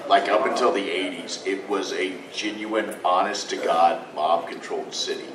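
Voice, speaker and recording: A man's voice: low voice, normal speed. A man, a lawyer, telling a story to a convention audience in a dry, matter-of-fact way. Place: convention panel room. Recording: echoey room from far off with noise.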